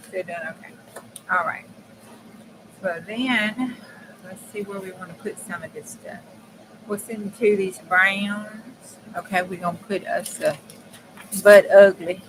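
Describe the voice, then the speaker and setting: A woman with a mid-range voice hosts a crafting channel, chatting casually while she works at her craft table at home. Her manner is folksy and direct, with dialect phrasing aimed straight at her viewers, and steady noise runs in the background.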